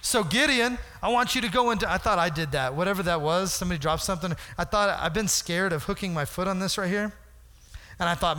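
A man preaching a lively sermon to a congregation, acting out voices from Bible stories and asking for responses. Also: high-pitched, fairly quick. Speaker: pastor. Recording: hall reverb.

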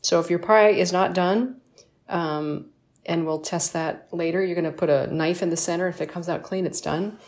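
A woman's voice: fairly low pitch, fairly even intonation, moderate pace, a little mellow. A woman hosting a casual home baking vlog in her kitchen, chatty and enthusiastic, with lots of ums and appreciative mms. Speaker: baking show host.

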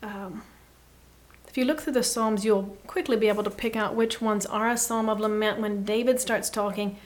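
A woman guest giving an earnest, reflective faith talk, often dropping to a soft hush. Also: mid-range voice, steady tone, normal speed. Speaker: podcast guest.

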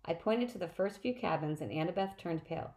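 A woman reading a novel aloud in first person, plain and steady, with small slips. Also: lowish voice, brisk, poor audio. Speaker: audiobook reader.

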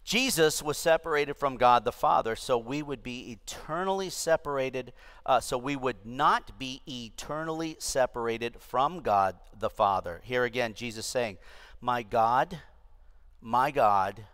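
A man's voice: mid-range voice, a little slow, a bit bright. An older man, a pastor, teaching a discipleship class with emphatic repetition, in an echoey church room. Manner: emphatic, repeats key phrases.

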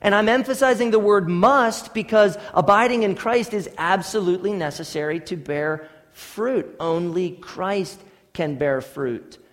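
A man's voice: high voice, measured pace, few pauses, long reverb tail. A man preaching a sermon as pastor, emphatic, with repeated phrases and rhetorical questions.

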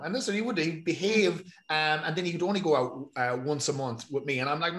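A man's voice: on the high side, expressive, a little fast, few pauses, a bit bright. An Irish man in casual chat, rambling and swearing freely as he tells stories. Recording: echoey room.

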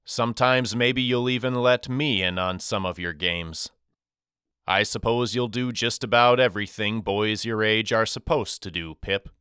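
A man voicing a loving, soft-spoken father talking to his two sons in an audiobook. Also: fairly low pitch, a little slow, smooth, no echo, clean studio sound. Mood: tender. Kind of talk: audiobook character reading.

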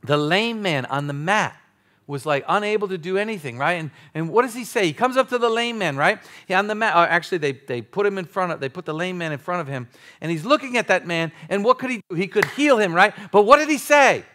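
A male pastor preaching a sermon, playful and animated, with sudden loud exclamations. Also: high voice, fairly quick.

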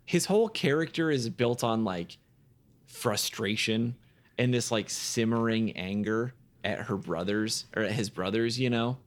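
A man co-hosting a podcast in casual chat, laying out his reasoning in an animated way, with swearing and laughter. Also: lowish voice, unhurried. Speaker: podcast co-host.

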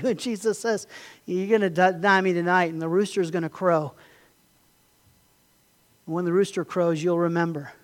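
A man delivers a sermon in a high voice. He tells the stories with building passion, climbs to forceful peaks, then drops back to soft, conversational retelling. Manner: impassioned, rising to emphatic peaks then dropping quiet. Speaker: pastor.

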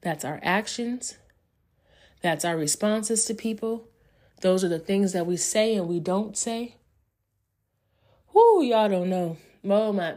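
A woman's voice: lowish voice, darkish tone. A woman hosting a faith-based podcast, speaking in a fervent, preaching manner and addressing her listeners directly. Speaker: podcast host.

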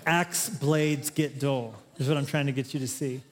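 A man's voice: mid-range voice, fairly even intonation, normal speed, noisy background. A male pastor preaching a sermon, chatty and joking at times, then building to emphatic, rising exhortations. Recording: long reverb of a large hall.

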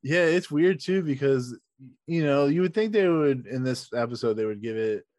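A man co-hosts a casual podcast and retells scenes in an easygoing way, slipping into quoted voices. His voice sits at a middle pitch. It is recorded close and dry, with no room sound. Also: animated, normal speed, a little mellow, no echo. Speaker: podcast co-host. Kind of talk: casual chat.

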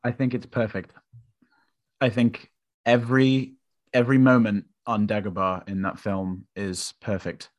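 A man's voice: on the low side, unhurried. A young man co-hosting a podcast, talking enthusiastically about a film, rambling with restarts. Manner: enthusiastic, rambling, with animated quoted voices. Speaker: podcast co-host. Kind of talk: casual film discussion.

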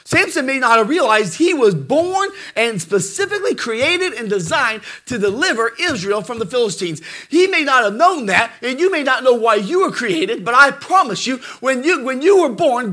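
A man's voice: extremely high pitch, pushed and bright. A man preaching a sermon in a fiery, dramatic way, acting out the voices in his stories.

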